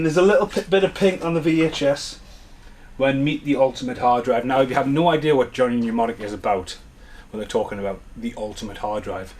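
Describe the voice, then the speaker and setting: A man's voice: medium pitch, darkish tone. A man giving a casual, rambling unboxing chat at home as a collector vlogger, with enthusiastic asides.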